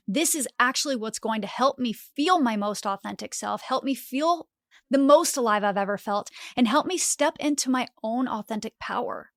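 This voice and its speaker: A woman's voice: a little high, dry recording, clean studio sound. A woman hosting a motivational podcast, talking animatedly and dropping in lots of "like" fillers. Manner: animated, acts out inner voices, frequent "like" fillers. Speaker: podcast host.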